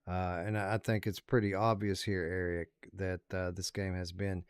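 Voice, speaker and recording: A man co-hosting a casual game review podcast, with a low, smooth, clear voice. He talks haltingly, with many fillers and restarts. The sound is dry and close, with no room echo. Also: level tone. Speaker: podcast co-host.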